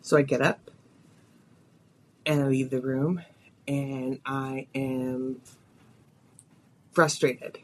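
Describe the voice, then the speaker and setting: A woman's voice: rumbling low, level tone, takes it slowly, long pauses, darkish tone. A woman hosting a podcast, telling a personal story in a confessional, emotional way, her voice rising and falling with feeling. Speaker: podcast host.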